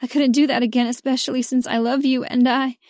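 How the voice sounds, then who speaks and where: A tearful, pleading young woman and former pageant queen, as a female narrator puts her on, lifted high above the reader's own voice. Her words come out in an urgent, emotional rush. The sound is close and dry. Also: little pitch movement, fairly quick, a little mellow, dry recording, natural voice.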